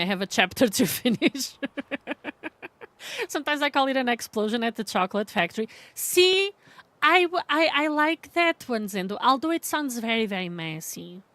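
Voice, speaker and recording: A woman's voice: a little high, fairly bright tone. A woman live streaming, chatting casually with viewers, laughing often and reading their messages aloud.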